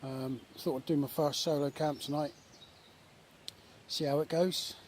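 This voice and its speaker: A man talking casually in a relaxed, chatty way with many fillers, filming a vlog at a woodland camp outdoors. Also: on the high side, unhurried. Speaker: vlogger. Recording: outdoor recording with faint nature noise.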